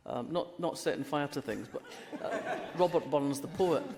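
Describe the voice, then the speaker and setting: A woman's voice: sits low, normal speed, a crowd in the background. A woman in her sixties from Fife with a polished Scottish accent, a guest telling wry stories in a live stage conversation, with frequent restarts. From Fife, Scotland. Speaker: guest crime writer. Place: festival hall stage. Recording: long hall reverb, festival stage.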